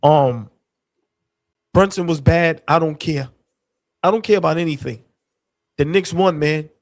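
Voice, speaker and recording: A man hosting a fan sports show, reacting emotionally and excitedly after a win in loose, slangy talk. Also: on the high side, measured pace, no echo, studio quality.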